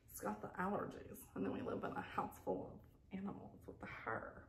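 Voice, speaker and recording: A woman's voice: medium pitch, very animated, a little fast, a little hiss or hum. Chatty woman in an echoey room. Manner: chatty, self-interrupting, frequent asides and laughs. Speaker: vlogger. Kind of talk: casual unboxing chat. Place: home kitchen table with pets around.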